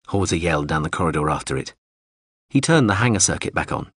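A man narrating an audiobook in a steady, even scripted reading. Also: a bass voice, brisk, slightly rough, no echo, studio quality.

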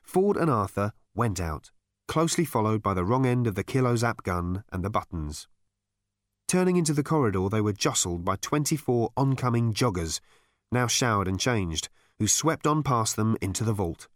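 A man narrating an audiobook with wry, dry wit. His mid-pitched voice moves with lively range, and the recording is close and dry. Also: normal speed, no room sound. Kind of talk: scripted narration.

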